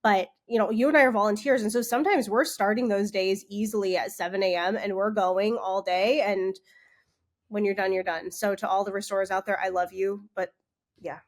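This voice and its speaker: A woman's voice: medium pitch, fairly even intonation, a little fast. A woman, a magazine owner, talking as a guest in a casual interview, chatty and upbeat, laughing easily.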